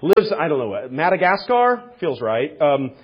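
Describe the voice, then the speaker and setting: A man's voice: a little high, sing-song, unhurried, breathy edge. A man giving an unscripted theology lecture, discursive and self-correcting, full of rhetorical questions and asides. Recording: dull lo-fi recording.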